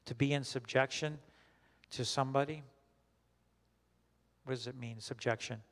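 A man leading a Bible study as a pastor, teaching in a conversational, halting way with many restarts and questions put to the group. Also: mid-range voice, steady tone, long reverb tail. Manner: questions the group and repeats their answers.

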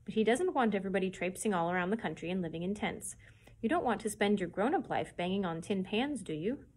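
A woman's voice: medium pitch, expressive, quick pace, a little mellow, slight background noise, lightly acted. Kindly old drifter, soothing and patient, read by a woman. Storybook. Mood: reasoning. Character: kindly older male hobo.

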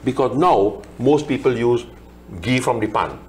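A man's voice: mid-range voice, lively intonation, measured pace, slight background noise. A man, a Hindu pandit explaining scripture in a religious discussion, chanting Sanskrit verses and translating them line by line.

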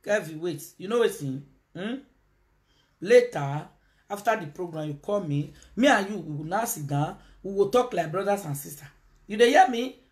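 Animated Nigerian woman on a phone live stream. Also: lowish voice, moderate pace. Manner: animated, switches into Pidgin, calls out to viewers. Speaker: live video host. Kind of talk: casual live-stream talk.

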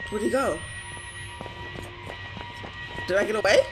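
A young woman giving casual, swear-filled commentary while playing a horror game and talking to her viewers, jumpy and quick to shriek. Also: medium pitch, music in the background. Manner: chatty, swears a lot, talks to viewers; jumpy, shrieks when startled. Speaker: gaming streamer.

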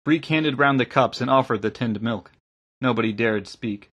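A man narrating an audiobook in a calm, measured reading. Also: medium pitch, husky.

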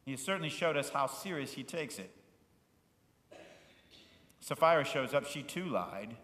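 Pastor preaching in an echoey church. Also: male voice, mid-range voice, lively intonation, measured pace, pauses often. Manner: swings between loud, fervent preaching and quiet, soft asides; asks the congregation questions and invites them to repeat words. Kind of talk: sermon. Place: church sanctuary. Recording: echoey church hall with long reverb.

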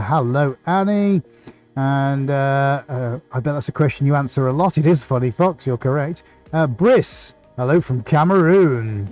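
Hosting a painting stream, a man chats away and reads viewer greetings aloud, with small restarts along the way. His voice is warm and a little high.

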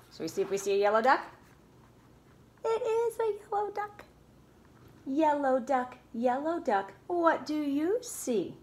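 A woman preschool teacher reading a picture book aloud to young children, with playful asides and questions. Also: a little high. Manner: slow, sing-song storytime voice with playful asides.

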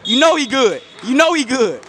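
A young man cheering a basketball team from the sideline, joking and shouting loud encouragement in an indoor gym. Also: very high voice, very animated, moderate pace. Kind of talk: casual sideline banter. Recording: noisy crowded gym. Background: crowd noise and bouncing balls.

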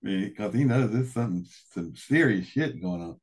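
A man's voice: lowish voice, lively intonation, moderate pace, a little mellow, breathy edge. A man as an interview guest telling a colorful, profane story, acting out the other people's voices.

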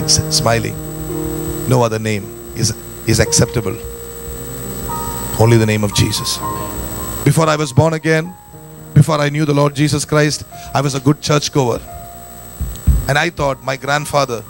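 A man preaching a sermon in church, emphatic, quoting scripture and acting out people's thoughts. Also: mid-range voice. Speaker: pastor.

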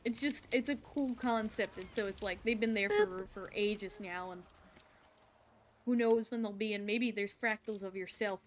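A woman streaming a video game, chatting casually and excitedly with her viewers as she plays. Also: mid-range voice, normal speed, slight background noise. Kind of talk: casual live-stream chat.

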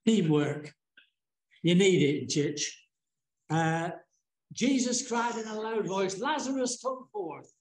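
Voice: mid-range voice, takes it slowly, pauses often, darkish tone. A preacher retelling a Bible story in a casual, colloquial sermon, with many fillers and restarts, in a church. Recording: echoey church room.

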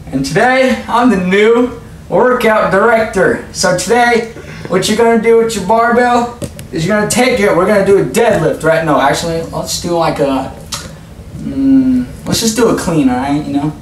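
Dude doing a goofy clumsy workout guy, kinda high voice, rambling, echoey room w/ noise. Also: normal speed, natural voice. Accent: put-on Australian. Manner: rambling, stops mid-instruction. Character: bumbling male workout director, clumsy and lazy. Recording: roomy, distant, noisy home recording.

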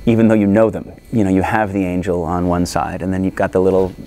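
A man speaking thoughtfully in an interview, measured and reflective. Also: sits low, level tone, warm tone. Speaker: actor guest.

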